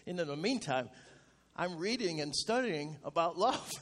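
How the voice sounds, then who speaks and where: A middle-aged male pastor telling a personal story in a sermon, in a folksy, self-deprecating way that gets animated as he retells his anger. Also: a little high, slight background noise. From rural upstate New York.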